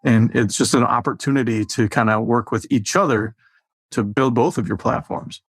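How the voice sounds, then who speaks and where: A man with a mid-range voice who explains things steadily in a relaxed business chat. The recording is dry and close. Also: medium pitch, moderate pace, breathy edge, no echo. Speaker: co-host, marketing team member.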